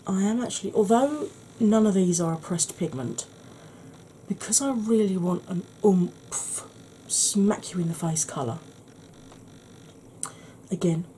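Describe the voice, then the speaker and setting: A woman with a slightly husky voice, giving a soft-spoken ASMR makeup tutorial in a chatty, explanatory way. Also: medium pitch, measured pace, slight background noise.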